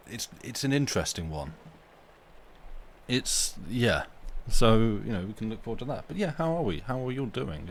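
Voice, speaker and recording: A man's voice: lowish voice, slight background noise. A man hosting a live stream, chatting casually with his viewers in a rambling, self-interrupting way, at home. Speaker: livestream host reading stories aloud.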